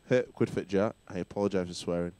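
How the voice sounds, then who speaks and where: A man's voice: lowish voice, mellow, no echo. A man hosting a casual rugby chat show, bantering and laughing often. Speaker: talk show host.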